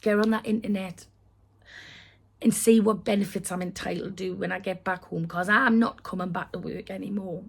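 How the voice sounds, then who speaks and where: A blunt, joking older man from north-east England, as his daughter quotes him. He delivers it in a matter-of-fact way, at a middle pitch. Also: steady tone, moderate pace, creaky, breathy edge.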